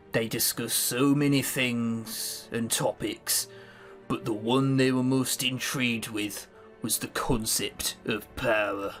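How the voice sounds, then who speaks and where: A man putting on a gruff, cold young rebel woman. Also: a bit bright. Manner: slow, low and grave delivery.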